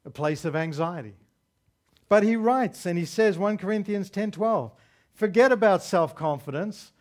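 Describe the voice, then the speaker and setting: A pastor delivering a sermon, preaching with repeated refrains and rhetorical questions. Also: male voice, high-pitched, moderate pace, darkish tone.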